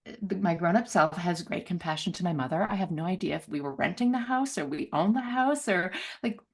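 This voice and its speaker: A middle-aged woman telling a personal story as an interview guest, laughing often and acting out voices with big jumps in pitch. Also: brisk, slightly rough. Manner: laughs often, many fillers.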